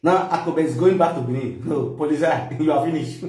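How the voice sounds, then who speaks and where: High-voiced mocking Nigerian man, echoey room. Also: normal speed, hardly any pauses, mellow. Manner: mocking, teasing, breaks into laughter. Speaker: comedian. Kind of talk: comic mock phone call. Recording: echoey room, mic at a distance.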